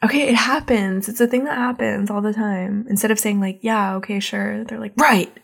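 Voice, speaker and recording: A young woman hosting a podcast, casually recapping an anime episode in an animated way, full of swearing and "like" as she acts out the characters. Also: medium pitch, a little fast, gravelly, husky. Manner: animated, swears a lot, heavy use of "like"; acts out characters' lines in exaggerated voices. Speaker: podcast host.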